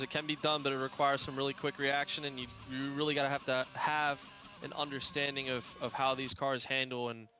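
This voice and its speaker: This driver has a mid-range voice that sounds pushed and bright. Giving live commentary on a racing game, he stumbles and restarts his sentences again and again, with plenty of fillers and hesitation.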